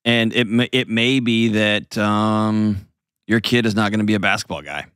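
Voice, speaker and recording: A man hosting an advice program talks earnestly about parenting and performs short skits using different voices. He speaks at a normal speed in a lowish, clear, resonant and slightly bright voice with fairly even intonation, captured in a studio with no room sound.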